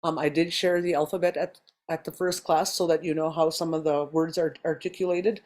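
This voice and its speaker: A woman's voice: sits low, steady tone, brisk, a little mellow. Patient woman teaching a class online. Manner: patient step-by-step explaining with frequent ums. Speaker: language teacher. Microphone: video call.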